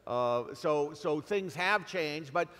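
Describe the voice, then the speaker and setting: A middle-aged man with a New England accent, giving a talk to an audience in a halting way, full of fillers and restarts. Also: fairly high pitch, fairly bright tone. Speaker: guest speaker. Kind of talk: speech to an audience. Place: large hall. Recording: long reverb of a hall.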